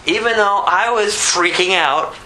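An older man giving an informal, conversational sermon, animated and full of rhetorical questions. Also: high voice, unhurried, heavy background noise. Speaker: preacher.

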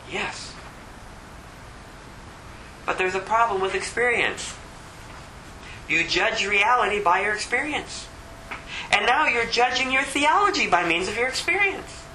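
Male preacher, high and very bright tone, emphatic, repeats rhetorical questions to press each point. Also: echoey room, a little hiss or hum, rough recording. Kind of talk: sermon.

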